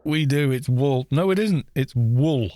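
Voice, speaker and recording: This gaming streamer from Wales has a fairly high, dark-toned voice and speaks at normal speed. He chats casually on his live stream, wandering off on tangents and tossing in jokes.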